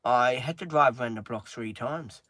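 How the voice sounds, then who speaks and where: A man chatting on a livestream in a halting, earnest way, with many pauses and restarts, openly upset. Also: mid-range voice, bright, forceful tone, dry recording. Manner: halting, frequent ums and restarts. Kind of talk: casual livestream chat.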